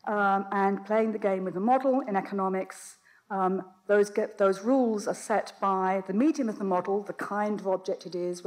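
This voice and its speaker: A woman delivers an academic lecture, her voice strained and coming and going. She speaks at a middling pitch, pausing often and restarting her phrases as she explains ideas to a mixed audience. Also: a little mellow. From Britain. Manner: hesitant, many ums and restarts. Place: lecture hall.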